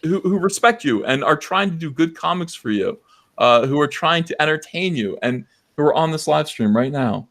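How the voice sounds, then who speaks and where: Man, livestream host, heated rant, raised voice, higher pitch, lively swoops. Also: normal speed. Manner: loud, impassioned, mocking impressions.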